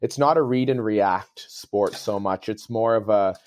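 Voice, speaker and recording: A young man with a fairly low voice chats as a podcast guest. He talks in an easygoing, agreeable way. The conversation is a relaxed catch-up between friends. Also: a little slow, slight background noise. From northern Canada. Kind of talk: casual catch-up chat.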